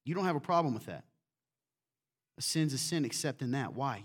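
A man preaching a sermon in a church, animated and acting out quotes in different voices. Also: on the high side, normal speed. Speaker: pastor.

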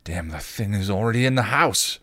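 Brief: man reading as a fierce, curt vampire, low and gruff. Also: animated, fairly quick, pushed and bright, no echo, studio quality.

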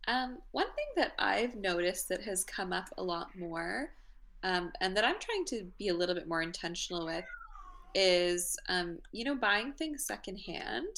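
A woman's voice: medium pitch, sing-song, a little slow, fairly bright tone. A woman co-hosting a podcast, speaking thoughtfully in casual chat, with many fillers. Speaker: podcast co-host.

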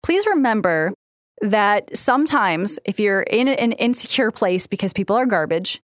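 A woman co-hosts a chatty podcast in a frank, down-to-earth way, with swearing and quick laughs. She speaks in a middle-pitched voice, close to the mic in a dead, dry room. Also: sing-song, no echo. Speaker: podcast co-host. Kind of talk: casual chat.

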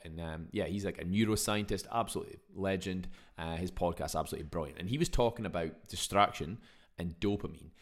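Man, young, podcast host, chatty rambling delivery with exclamations, quick pace. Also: deep voice. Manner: chatty, exclaims often, mild swearing. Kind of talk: casual solo podcast talk.

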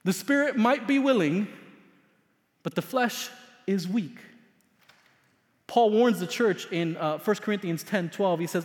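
Preaching a sermon in a high voice, this male pastor tells his story dramatically, dropping from loud emphasis to quiet asides. He speaks unhurriedly and pauses often, and a long hall-like reverb surrounds him.

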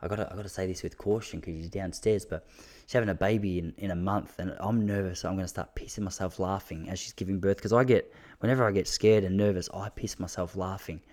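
A young Australian man talking casually to his listeners, self-mocking and quick to laugh, with lots of restarts. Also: low voice, fairly even intonation, darkish tone.

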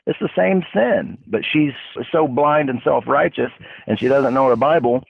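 A man's voice: mid-range voice, normal speed, creaky, husky. A man hosting a casual faith talk show, blunt and fired up, speaking bluntly about believers. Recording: narrow phone-like dry sound.

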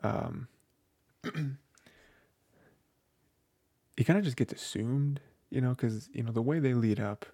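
Male podcast co-host, husky-gravelly, close and dry, rambling fan chatter. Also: medium pitch, slow pace, long pauses, dark tone, no room sound. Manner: rambling, filler-heavy, with many "you know" and "like". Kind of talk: casual book discussion.

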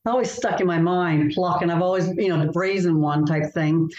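A woman's voice: on the low side, brisk, a little mellow. A woman novelist from Canada, telling stories earnestly and expressively as an interview guest. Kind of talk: interview conversation. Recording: roomy, dull lo-fi sound.

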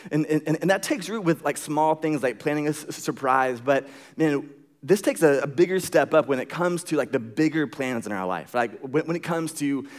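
Animated young man preaching a story. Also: on the high side, moderate pace. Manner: animated storyteller, acts out quotes, many fillers. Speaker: pastor. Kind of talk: sermon with a personal story.

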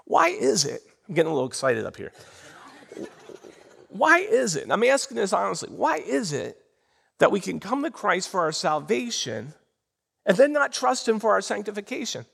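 Gravelly-voiced man preaching a lively sermon. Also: high voice, moderate pace. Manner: animated, call-and-response with congregation. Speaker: pastor. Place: church sanctuary.

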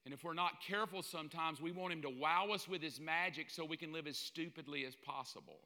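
A man preaching a sermon in an animated, joking way, often mimicking the voices of other people. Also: on the high side, fast. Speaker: pastor. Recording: long hall reverb.

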